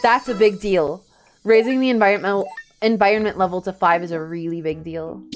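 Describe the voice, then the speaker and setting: A woman streaming a game live, chatting casually, excitable and a little shy in her asides. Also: medium pitch, brisk, soft background music.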